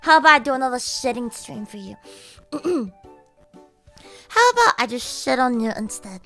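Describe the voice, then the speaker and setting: A woman streamer talks casually to her viewers in a hoarse, strained voice. She sits high in her range and swoops all over it, giggly and swearing freely, with faint music playing softly behind her. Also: normal speed. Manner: animated, giggly and foul-mouthed.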